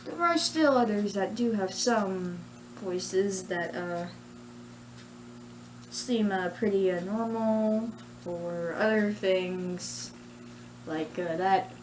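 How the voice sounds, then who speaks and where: A woman talking through her plush toy character voices in a casual home vlog, hesitant and giggly with lots of "uh"s. Her pitch sits mid-range and her pace is slow. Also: a little hiss or hum. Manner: hesitant, giggly, many fillers. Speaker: channel host.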